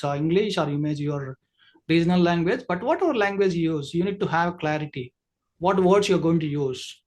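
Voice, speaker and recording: Man, high-pitched voice, communication trainer, online masterclass, explanatory, filler-heavy. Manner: explanatory, many fillers and restarts.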